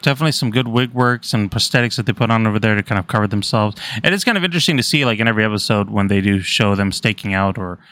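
A man's voice: fairly low pitch, racing, hardly any pauses, a bit bright. A man co-hosting a film podcast, chatting casually and rambling with many restarts. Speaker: podcast co-host. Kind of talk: casual chat.

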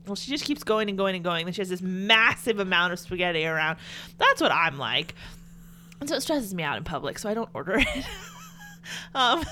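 A woman's voice: lowish voice, sing-song, brisk, pushed and bright, a little hiss or hum. A young adult woman with a Southern US accent, co-hosting a podcast, chatty and playful. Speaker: podcast co-host. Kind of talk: casual chat.

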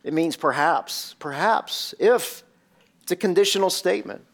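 A man's voice: high-pitched, measured pace, creaky, a bit bright. A man preaching a sermon and retelling a scene vividly, with many rhetorical questions. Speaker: pastor.

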